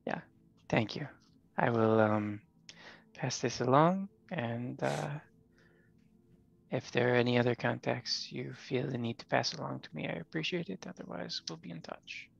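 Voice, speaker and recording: A man playing a polite adventurer, speaking quietly and courteously and trailing off. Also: mid-range voice, unhurried, creaky, pauses often, lo-fi sound.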